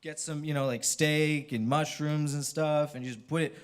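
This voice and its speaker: Young man, from California, stand-up comedy, theater stage, slightly high pitch, profane storytelling. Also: fairly even intonation, moderate pace, clean tone. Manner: loose, profane storytelling with shouted impressions.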